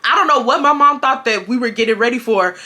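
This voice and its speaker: A young woman tells a story from her childhood in a casual vlog. Her voice is bright and sharp and sits a little high. She talks chattily and animatedly, often speaking to her viewers directly. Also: fast talker. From Houston, Texas. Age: 20s.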